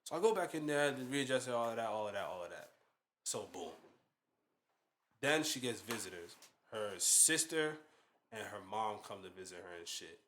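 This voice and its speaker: A young man tells a story on a podcast. His voice is very bright and forward, and the story is loose, slangy and full of put-on voices. A faint hiss sits under the recording. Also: on the low side, lively intonation, moderate pace, pauses often, roomy sound. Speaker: podcast co-host. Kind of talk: casual storytelling chat.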